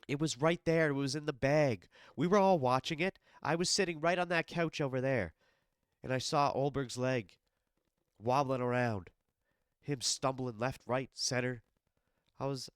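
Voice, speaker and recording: A man's voice: medium pitch, no room sound, studio quality. A man hosting a podcast alone, sick and congested, ranting loosely with lots of swearing and talking straight to a fighter. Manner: animated, profane, talks straight to the absent fighter. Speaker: podcast host. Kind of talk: casual solo podcast rant. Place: home basement studio.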